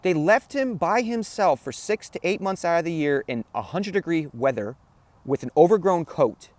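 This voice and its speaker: A man's voice: on the high side, animated, moderate pace, darkish tone, no room sound. Earnest man telling a heartfelt story. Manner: earnest, repeats phrases, keeps asking "right?". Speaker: spiritual talk host. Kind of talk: emotional personal storytelling.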